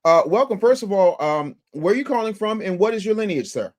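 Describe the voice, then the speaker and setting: A man's voice: sits high, expressive, a little fast, a little mellow. A man hosting a live stream, reacting to a clip and reading viewer super chats aloud with energy. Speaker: livestream host.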